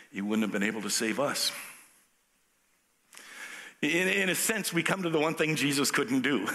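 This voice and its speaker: A male pastor preaching a sermon in an animated, conversational way. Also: medium pitch.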